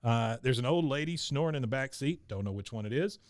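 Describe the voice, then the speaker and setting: A podcast host casually recaps an episode, rambling with lots of filler sounds and frequent chuckles. His mid-range voice has lively intonation and a slightly fast pace, recorded at studio quality with no room sound.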